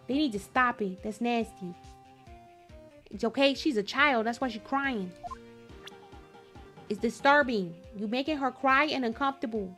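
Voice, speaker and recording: High-voiced woman chatting through a game. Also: expressive, moderate pace, long pauses, sharp tone, soft background music. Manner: chatty, exclaiming, talks to the chat. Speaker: gaming streamer. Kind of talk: casual gameplay commentary.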